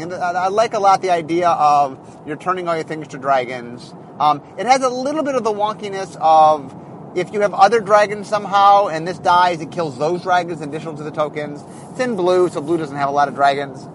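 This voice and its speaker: Man talking casually, high, lively pitch, self-correcting designer, faint traffic noise behind. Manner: rambling, self-correcting, animated explainer. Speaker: game designer. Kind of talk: casual spoken commentary.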